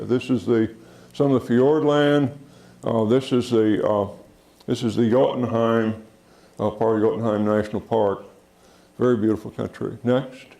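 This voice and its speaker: A man giving a public science lecture in a theater, unhurried, with frequent fillers and restarts. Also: medium pitch, gravelly, warm tone, roomy sound, rough recording. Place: theater auditorium.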